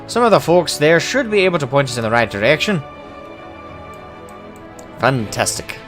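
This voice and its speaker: A man's voice: mid-range voice, big pitch swings, moderate pace, over music, lightly acted. A man voicing a jovial, hard-drinking male dwarf adventurer in a put-on Irish accent, hearty and boastful. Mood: boisterous. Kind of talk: voicing game dialogue aloud.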